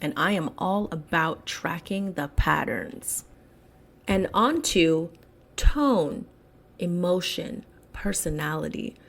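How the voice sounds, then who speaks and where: Slow, low-voiced woman podcast host. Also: expressive, vocal fry. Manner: emphatic, slows down to stress key words. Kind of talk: solo podcast commentary.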